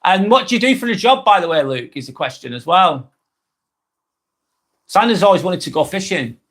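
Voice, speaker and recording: A man's voice: high voice, expressive, normal speed, a bit bright. Chatty man in his forties. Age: 40s. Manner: chatty and friendly, ranting a little, apologising often. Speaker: live stream host. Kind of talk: casual live chat reading viewer comments.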